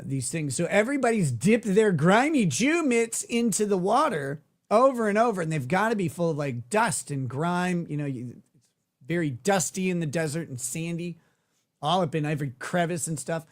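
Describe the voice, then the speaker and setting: A man hosts a live stream and chats loosely, with a joking, irreverent manner and casual swearing. His voice sits slightly high for a man. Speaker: host. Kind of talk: casual livestream chat.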